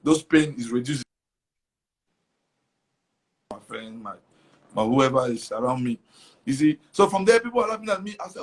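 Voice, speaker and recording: A man's voice: medium pitch, animated, normal speed, pauses often. A young man from Cameroon, telling his story animatedly in an interview, repeating words and slipping into Pidgin. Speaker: comedian guest.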